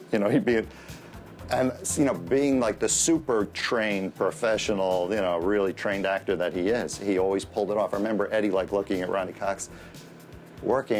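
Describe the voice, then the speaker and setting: A male film director telling behind-the-scenes stories in an interview, animated and quick to laugh. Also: deep voice. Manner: animated storytelling, laughs easily. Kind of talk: anecdotal interview.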